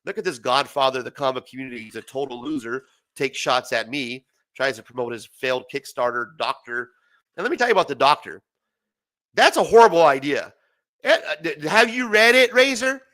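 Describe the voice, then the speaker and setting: A man's voice: fairly high pitch, bright, forceful tone. Brash, profane man ranting late at night. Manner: profane, rambling, laughs often. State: voice failing, tired. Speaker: livestream host. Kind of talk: late-night livestream rant.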